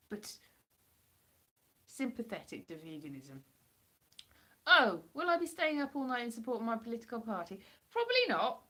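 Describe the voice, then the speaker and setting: A hoarse woman from the United Kingdom rambling and joking as she chats with viewers on a live stream through a computer mic. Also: on the high side, bright, forceful tone. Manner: rambling and jokey, chatting to viewers. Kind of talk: casual live-stream chat answering viewers.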